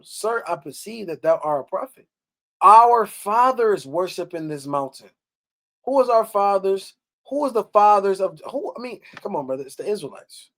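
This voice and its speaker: A man's voice: high voice, fairly bright tone. A man teaching scripture in a blunt, preachy way, who reads verses aloud, explains them with rhetorical questions and scolds his listeners. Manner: blunt and scolding, with mild swearing. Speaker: bible teacher.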